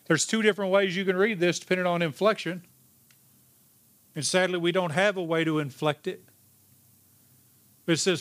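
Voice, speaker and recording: A male pastor preaching a sermon in a slightly high voice. He builds his points with emphatic, rising lines and then drops to a hushed, slow delivery on the key words. Each line lands with steady conviction. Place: church sanctuary.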